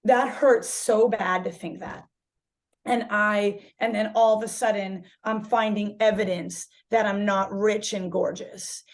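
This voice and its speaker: A woman yoga instructor talking candidly as a podcast guest, animated, swearing freely and restarting her sentences as she searches for words. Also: mid-range voice, unhurried. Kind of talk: casual podcast conversation.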